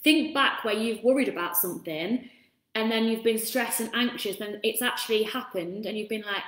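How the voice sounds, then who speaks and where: A woman's voice: a little high, moderate pace. Chatty woman in a roomy space. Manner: chatty, warm asides to viewers. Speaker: self-help host. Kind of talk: casual live-stream talk. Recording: roomy echo.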